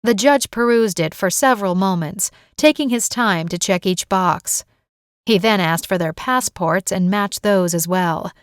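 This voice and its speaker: A woman author narrating her own romance novel as an audiobook, telling it in an even, gentle way. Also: mid-range voice, a little slow, clean tone, no echo, studio quality.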